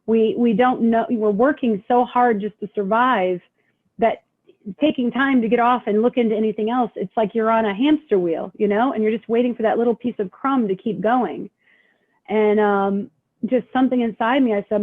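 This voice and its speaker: A middle-aged woman from Indiana who runs a small pub, telling her story at a town hall in a halting way, with many fillers and restarts. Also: a little high. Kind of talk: emotional personal testimony at a town hall. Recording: tinny phone-line sound.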